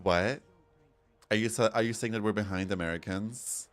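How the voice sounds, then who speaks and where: A man from Europe chatting casually while gaming, telling stories in a campy, animated way with swearing. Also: fairly low pitch, moderate pace, slight background noise. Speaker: streamer.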